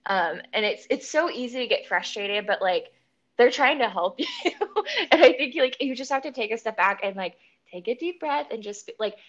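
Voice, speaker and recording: A woman's voice: fairly high pitch, lively intonation, normal speed, a bit bright. A young woman, a pilot, chatting casually as a podcast guest, laughing often and using lots of fillers. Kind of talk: casual interview chat. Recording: slightly dull lo-fi sound.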